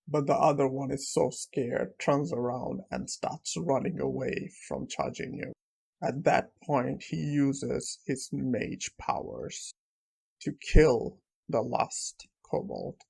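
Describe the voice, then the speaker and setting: Male recap narrator, casual storytelling, unhurried, slow pace, husky tone. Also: medium pitch, lively intonation, a little mellow. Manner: plain, unhurried retelling.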